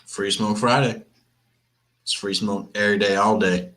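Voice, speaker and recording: This sports livestream host is a young man from Flint, Michigan speaking at a moderate pace in a lowish, fairly bright voice with fairly even intonation. Chatty and relaxed, he rambles through the watch party with plenty of restarts and repeated points.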